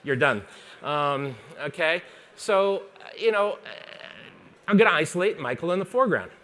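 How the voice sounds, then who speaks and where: A man teaching photography lighting on stage, talking fast and joking as he quizzes a live audience. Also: a little high, animated, a bit bright. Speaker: photography instructor. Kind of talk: live workshop demonstration.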